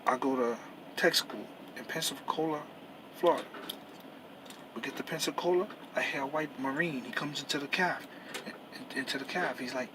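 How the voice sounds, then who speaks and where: A truck driver talking straight to camera in a heated, profane rant that keeps repeating and restarting itself. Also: male voice, mid-range voice, normal speed, noisy background. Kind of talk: angry personal rant to camera.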